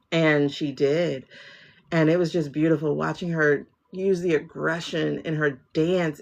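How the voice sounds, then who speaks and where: A woman's voice: fairly low pitch, vocal fry. A woman hosting a spiritual livestream, chatting casually and talking straight to her viewers. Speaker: livestream host, tarot reader.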